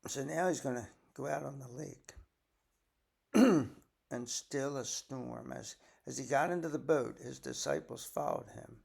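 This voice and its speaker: A man's voice: mid-range voice, a little slow, gravelly, a little mellow, husky. An older man, a grandfather, reading scripture aloud and breaking off for folksy, chatty asides to explain it. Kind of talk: bible reading with casual commentary.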